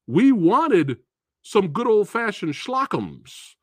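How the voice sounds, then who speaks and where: A man's voice: high-pitched, takes it slowly, no room sound, clean studio sound. A man hosting a live movie Q&A, ranting casually with frequent swearing and laughter. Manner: animated, profane, laughs often, restarts.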